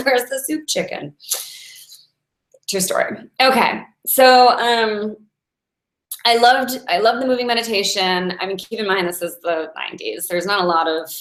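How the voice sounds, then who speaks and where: A chatty, frequently laughing woman in her forties, who teaches Taoist meditation, shares stories in a casual inspirational talk. Her mid-range voice has a fairly bright tone, and the space gives it a roomy echo.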